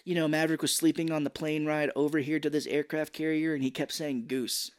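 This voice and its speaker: A man's voice: fairly high pitch, little pitch movement, fast, clear, resonant tone. A man co-hosting a podcast, retelling a film in casual, rambling chat with frequent self-corrections. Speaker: podcast co-host.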